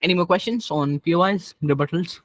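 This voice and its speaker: A man's voice: fairly high pitch, a little fast, a bit bright. A man, coaching students on a video call and explaining points directly and patiently. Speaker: debate coach. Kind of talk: online coaching session.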